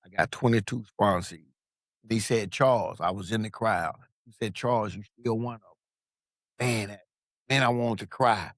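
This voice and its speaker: A man from Long Beach, California, a podcast guest telling his story in a casual, animated way, acting out the voices of people he quotes and swearing freely. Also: fairly low pitch, moderate pace, no room sound, clean studio sound.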